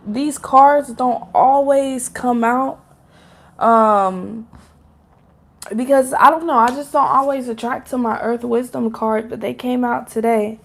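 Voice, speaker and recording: A woman reads tarot cards for her viewers in a relaxed, rambling way. Her voice sits a little high and has a gravelly edge of vocal fry. She fills her talk with "like" and "um" and swears now and then. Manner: chatty and loose, with frequent fillers, laughter and casual swearing; talks straight to viewers as "y'all". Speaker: tarot card reader. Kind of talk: casual pick-a-card tarot reading.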